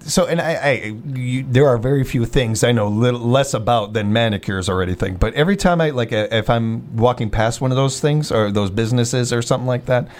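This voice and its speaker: A man's voice: mid-range voice, fairly quick, few pauses. Rambling self-mocking man. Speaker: show host. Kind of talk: casual banter show.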